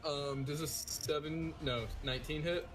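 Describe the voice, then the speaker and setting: A man's voice: a little high, fairly even intonation, unhurried, a bit bright, faint music behind. A man playing a tabletop game who talks hesitantly, with many restarts. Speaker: player.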